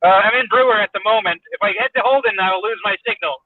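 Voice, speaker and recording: A man's voice: sits high, rapid-fire. A man calling in to a livestream while driving his car, chatting casually and upbeat. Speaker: guest calling in. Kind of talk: casual chat. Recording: tinny phone-line call.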